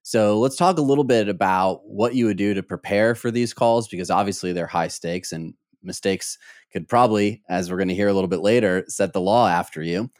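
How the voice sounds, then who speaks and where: A male podcast host asking thoughtful, measured interview questions. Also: on the low side, darkish tone, dry recording, clean studio sound.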